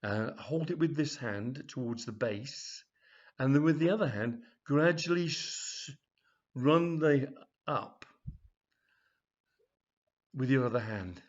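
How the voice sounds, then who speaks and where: A man voicing a patient male snooker instructor who gives slow, deliberate instructions in a husky voice. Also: mid-range voice, animated. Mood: instructive. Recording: dull, lo-fi home recording.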